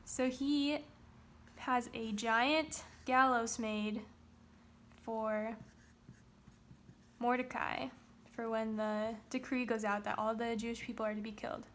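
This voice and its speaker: High-voiced woman telling a Sunday school story. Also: fairly even intonation, slow pace, a little hiss or hum. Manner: chatty, with playful asides. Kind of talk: casual storytelling lesson.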